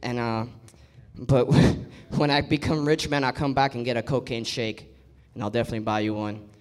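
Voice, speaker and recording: A man's voice: mid-range voice, steady tone, moderate pace. A man doing live stand-up on a comedy club stage, telling stories animatedly and acting out the people in them.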